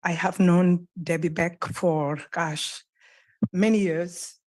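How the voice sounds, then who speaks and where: A woman with a French accent, a native French speaker, giving an earnest, halting public comment at a podium microphone in a council chamber. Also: lowish voice, fairly even intonation, darkish tone. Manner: earnest, halting, with pauses and restarts. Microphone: podium microphone, close.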